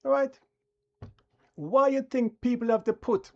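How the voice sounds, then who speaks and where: Slow, combative live-stream ranter. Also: mid-range voice, muffled recording. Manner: combative, preachy, talks down to viewers. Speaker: channel host.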